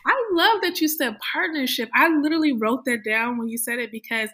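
A woman's voice: high voice, fairly quick, pushed and bright. A woman hosting a podcast, asking questions eagerly and thinking aloud with lots of "like". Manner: enthusiastic, thinks aloud with fillers. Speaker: podcast host. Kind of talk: conversational interview.

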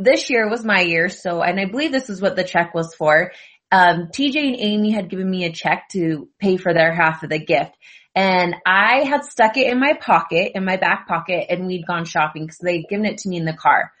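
A woman's voice: on the low side, fairly bright tone. Young woman on a podcast, just chatting, telling stories w/ lots of asides. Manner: chatty storytelling, quick asides. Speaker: podcast co-host. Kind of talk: casual chat.

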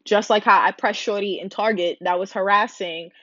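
A woman's voice: mid-range voice, normal speed, no echo, lo-fi sound. A young woman, telling a blunt, profane storytime rant to her viewers. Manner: blunt, loud, profane, animated. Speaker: vlogger. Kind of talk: casual ranting storytime.

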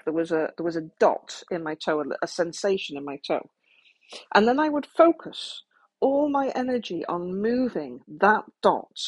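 With a husky, medium-pitched voice, a woman gives the listener straightforward, practical talk on dealing with trauma. Now and then she pokes fun at herself.

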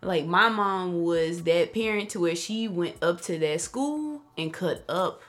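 A woman's voice: on the low side, lively intonation, measured pace, a bit bright. A young woman co-hosting a podcast in casual chat, eager and coaxing, then reflective. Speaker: podcast co-host.

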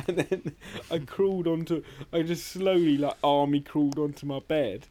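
Young podcast co-host, warm low-key tone, meandering and profane storyteller. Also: male voice, brisk, hardly any pauses, a little hiss or hum. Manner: rambling, swears a lot. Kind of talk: casual podcast banter.

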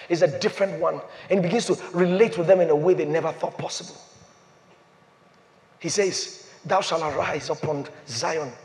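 A man preaching a sermon as pastor, repeating phrases and swinging from loud declarations to hushed, slow emphasis. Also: on the high side. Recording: long hall reverb.

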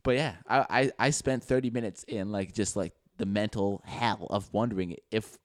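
A young man, co-hosting a podcast and telling a story in casual chat, animated and laughing as he swears. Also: lowish voice, moderate pace, no room sound, clean studio sound. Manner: animated, laughs through his own story, swears freely. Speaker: podcast co-host.

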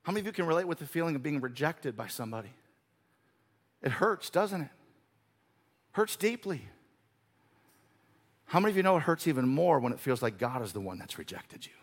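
Male pastor, high-pitched, earnest and emphatic sermon delivery. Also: sing-song, brisk, long pauses. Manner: earnest preaching with emphatic repetition.

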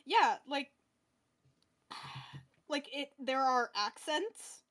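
A woman with a high, very bright voice co-hosts a podcast in casual chat. She is wry and quick, laughs often, and leans on "like" as she talks. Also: expressive. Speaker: podcast co-host.

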